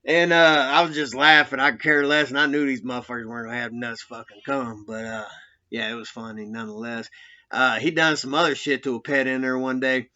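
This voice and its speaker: A man's voice: medium pitch, fairly even intonation, brisk, sharp tone. A man telling rambling, profanity-laden stories about his time in prison, often laughing through them. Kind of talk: casual storytelling. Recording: dull lo-fi recording.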